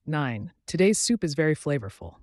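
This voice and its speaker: A man with a slightly high voice reads short numbered phrases slowly and clearly for learners. His pitch moves a lot from line to line, and the sound is dry and close. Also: no echo. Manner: slow, clear, even phrase reading. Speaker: English teacher.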